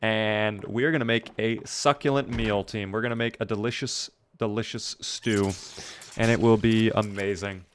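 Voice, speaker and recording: A man's voice: on the low side, steady tone, moderate pace, a little hiss or hum. A man streaming a video game live, chatting casually and answering viewer messages as he plays.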